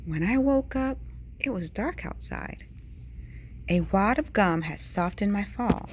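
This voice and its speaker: A woman, a teacher, reading a picture book aloud at bedtime, dramatically, with sudden hushed whispers. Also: expressive, measured pace, slight background noise. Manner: dramatic storytelling with sudden hushed whispers and big pitch swings.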